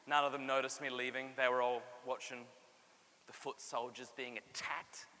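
A man with a mid-range voice and moderate pace gives a humorous faith testimony to a live audience, an animated storyteller who acts out the characters' voices and cracks jokes. Long hall reverb and faint room noise color the recording.

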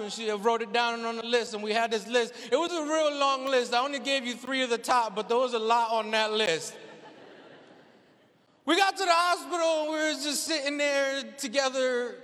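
A man performing animated stand-up storytelling on stage, acting out the people in his story. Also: very high-pitched, normal speed, slight background noise. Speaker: stand-up comedian. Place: stage in a hall. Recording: live venue with long reverb.

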